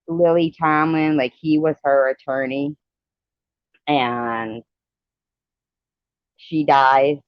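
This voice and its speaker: A woman's voice: a bass voice, smooth, no echo. Chatty woman streamer, meandering talk, muffled phone-mic sound. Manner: rambling, chatty movie reminiscing. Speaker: live stream host. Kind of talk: casual chat.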